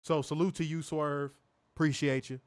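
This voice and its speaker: A man co-hosts a casual online wrestling review show, speaking bluntly, swearing often, and reading viewer comments from the chat out loud. His voice is on the high side and flat, his pace moderate, and there is no room sound.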